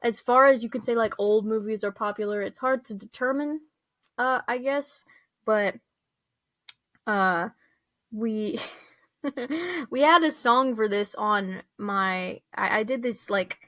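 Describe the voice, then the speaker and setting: A woman's voice: on the high side, slow, long pauses, a bit bright, no echo. A young woman rambling through a casual rant, full of fillers, restarts and small laughs. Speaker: vlogger.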